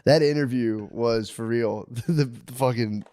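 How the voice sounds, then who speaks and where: A man's voice: medium pitch, measured pace, dark tone. A man co-hosting a podcast in casual, crude chat, laughing often and calling people dude. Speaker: podcast co-host.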